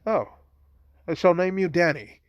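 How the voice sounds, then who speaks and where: Man as a laid-back, kind teen boy, slow, dry close sound. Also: high-pitched, no echo, muffled recording, pitched above the performer's own voice. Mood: calm. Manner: casual, unbothered. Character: calm, kind teenage boy orphan.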